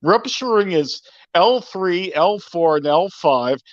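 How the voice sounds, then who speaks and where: A man's voice: high-pitched, animated, slow pace, no room sound. A man on a sports talk panel, stunned and sarcastic, swearing as he reacts to the game. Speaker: panelist calling in. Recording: lo-fi remote line.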